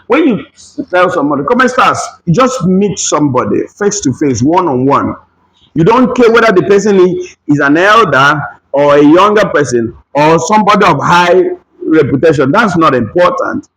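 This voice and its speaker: A man teaching Spanish greetings in a video lesson, repeating phrases slowly and mixing Spanish with explanations. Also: on the high side, lively intonation, a bit bright, rough recording. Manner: slow, repetitive, switches between Spanish and English phrases.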